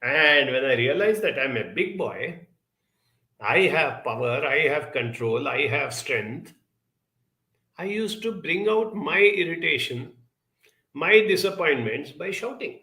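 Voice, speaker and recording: A man's voice: a little high, lively intonation, slow, pushed and bright. A man giving a reflective monologue, telling a childhood story and acting out the voices of the people in it. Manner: storytelling, acts out quoted voices. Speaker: speaker giving a talk.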